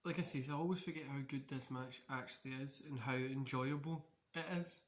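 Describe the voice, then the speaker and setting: A man's voice: mid-range voice, steady tone, a little fast. A man hosting a casual wrestling watch-along, talking in a loose, rambling way. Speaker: wrestling channel host. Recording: echoey room.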